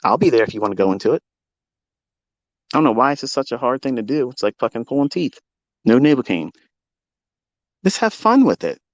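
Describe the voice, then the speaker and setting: A man's voice: medium pitch, big pitch swings, a little fast, long pauses, no echo, highs cut off. A trading educator, a man, giving a profane, boastful, combative rant to his livestream viewers.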